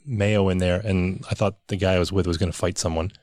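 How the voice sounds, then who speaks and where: A man co-hosting a podcast, chatting casually and quickly with a guest, often restarting his sentences. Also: sits low, steady tone, a little mellow, no echo, clean studio sound. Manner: chatty, quick, self-interrupting. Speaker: podcast co-host. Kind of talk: casual interview.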